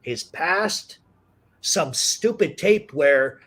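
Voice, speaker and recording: A man's voice: a little high, very slow. A man hosting a talk show, telling stories casually with lots of swearing. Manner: profane, animated storyteller. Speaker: podcast host. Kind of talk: casual storytelling chat.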